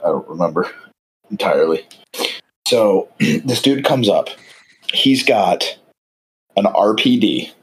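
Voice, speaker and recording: Low-voiced chuckling storyteller man. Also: animated, slow pace, long pauses, low-quality recording. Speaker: podcast co-host. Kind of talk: casual chat, storytelling.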